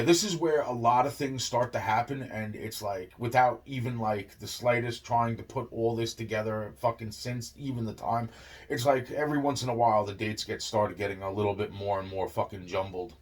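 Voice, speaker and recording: A man's voice: mid-range voice, fairly even intonation, moderate pace. A young man telling a long rambling story, swearing constantly and looping on filler phrases. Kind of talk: rambling monologue.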